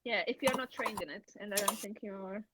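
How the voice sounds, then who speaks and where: A woman's voice: mid-range voice, very noisy. A woman playing a tabletop game, talking rules and speaking in character, with frequent restarts and repeated words. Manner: halting, repeats words while thinking. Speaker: player.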